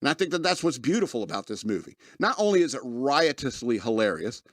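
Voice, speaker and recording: A man's voice: medium pitch, big pitch swings, quick pace, fairly bright tone, no room sound, clean studio sound. A man hosting a podcast, casually reviewing a movie, rambling with lots of fillers and often laughing as he retells scenes.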